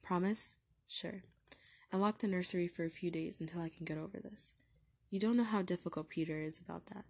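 A woman's voice: fairly low pitch, steady tone, brisk, creaky. A woman doing an anxious, tearful young wife. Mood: pleading. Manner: soft, tearful and pleading.

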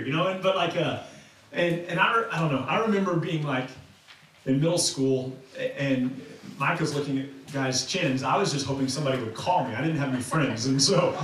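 A man's voice: on the high side, fairly quick, fairly bright tone, very echoey, recorded from a distance, rough recording. A man preaching a sermon as pastor, talking in a loose, conversational way with many restarts and fillers. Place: church sanctuary.

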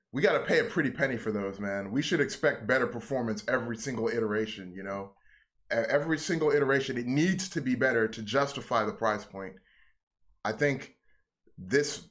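A man's voice: medium pitch, a bit bright. A man co-hosting a casual gaming podcast, rambling and repeating himself as he gives friendly advice. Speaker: podcast co-host. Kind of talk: casual chat.

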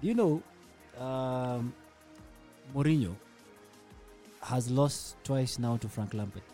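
A man co-hosting a casual football podcast, chatty and quick to add facts. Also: mid-range voice, warm tone, faint music behind. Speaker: podcast co-host. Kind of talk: casual sports chat.

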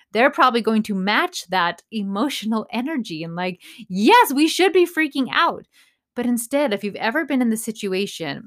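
A woman in her thirties hosting a motivational podcast, speaking in an encouraging way and often checking in with "right?". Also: medium pitch. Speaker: podcast host.

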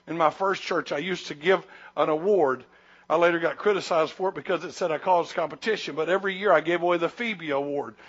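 A middle-aged pastor with a high, ringing voice preaches to his congregation, jumping into loud emphatic bursts and then stretching words out slow. The recording sounds dull and lo-fi, as if captured in a church. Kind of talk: sermon.

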